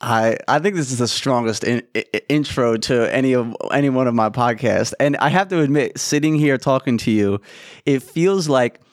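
A man's voice: medium pitch, normal speed, no room sound, studio quality. A man hosting a podcast interview, talking in a hesitant, casual way with frequent restarts. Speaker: podcast host.

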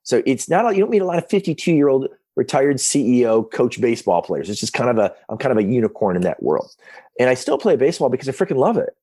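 A man in his fifties tells stories from his home office with lots of restarts, his voice rising and falling in a lively way. His pitch sits in a middle register. He sounds like he's talking over a video call. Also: quick pace, breathy edge. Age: 50s. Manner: excited, animated retelling with many restarts. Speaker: podcast guest, founder. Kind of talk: casual storytelling.

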